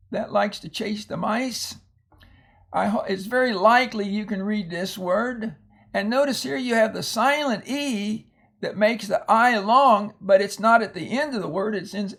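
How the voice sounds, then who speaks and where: A man's voice: high voice, creaky, fairly bright tone. A man teaching a phonics lesson, reading out a word list and explaining each word in a patient way with homely asides.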